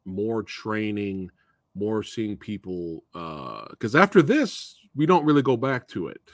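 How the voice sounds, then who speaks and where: A man hosting a casual movie discussion, retelling scenes in an animated way and acting out the characters' lines. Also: lowish voice, measured pace, dry recording, studio quality. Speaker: podcast host.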